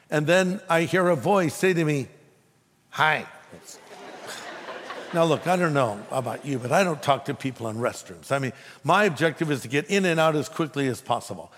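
A man's voice: fairly high pitch, a bit bright. A man preaching a sermon as pastor, emphatic and telling a humorous story to make his points. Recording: long hall reverb.

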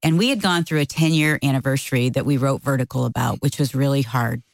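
A woman's voice: fast talker, vocal fry, no echo, poor audio. A middle-aged woman co-hosting a casual talk show, telling a story and acting out quotes with big jumps in her voice. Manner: animated, acts out quotes with big pitch jumps. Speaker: co-host.

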